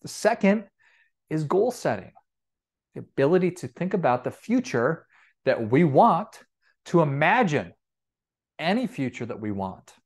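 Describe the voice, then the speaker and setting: A man coaching on personal finance in an upbeat, energetic motivational talk, often repeating himself and restarting phrases. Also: a little high, a little slow, pauses often, breathy edge.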